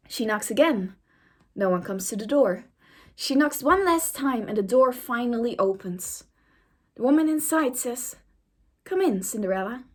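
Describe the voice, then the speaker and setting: A young woman reads a strange AI-written story to her viewers in a casual, amused way. Her voice sits a little high. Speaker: YouTuber. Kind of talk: reading an AI-written story aloud.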